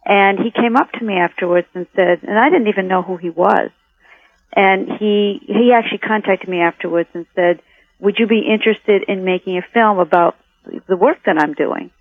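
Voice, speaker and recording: A woman who makes documentaries talks through her reasons in a thoughtful way, often restarting her sentences. Her voice comes over a tinny phone line with no room sound at all. Her pitch sits in the middle of the usual range. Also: normal speed, no echo. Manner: reflective, with many restarts. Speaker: documentary filmmaker, guest. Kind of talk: interview answers. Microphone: telephone.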